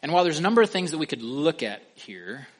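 A man preaching an expository sermon, emphatic, asking the listeners questions and slowing down or speeding up for stress. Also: fairly high pitch, big pitch swings. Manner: emphatic, asks the listeners questions, varies pace and volume for stress.

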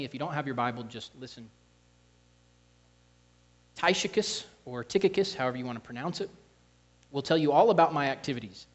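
A man's voice: mid-range voice, muffled recording. A man preaching a sermon as pastor, earnest, with frequent restarts and scripture reading.

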